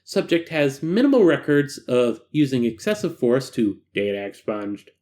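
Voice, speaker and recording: A man's voice: medium pitch, normal speed. A man hosting, reading a horror file aloud with jokey asides. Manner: animated, breaks off for jokey asides.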